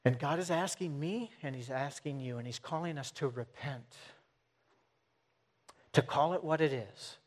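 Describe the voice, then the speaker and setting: Male preacher, earnest, repetitive emphasis, slightly high voice, some halting restarts. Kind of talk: sermon.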